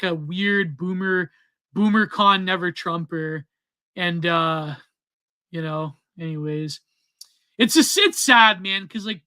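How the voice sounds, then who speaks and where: A man's voice: high-pitched, pushed and bright. A man co-hosting a podcast in casual chat, rambling with many fillers and trailing off. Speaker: podcast co-host.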